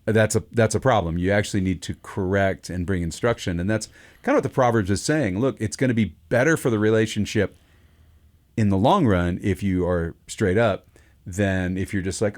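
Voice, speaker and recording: A man co-hosting a Christian radio talk show, speaking casually with many pauses and restarts. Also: on the low side. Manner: hesitant, many fillers and restarts.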